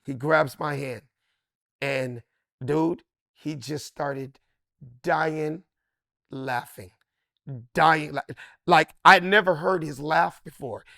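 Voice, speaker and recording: A comedian in his fifties from Los Angeles, telling stories as an interview guest in a lively, slangy, emphatic way and acting out the voices of the people he quotes. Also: on the high side, takes it slowly, creaky, pauses often, no echo, studio quality. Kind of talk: animated storytelling in a sit-down interview.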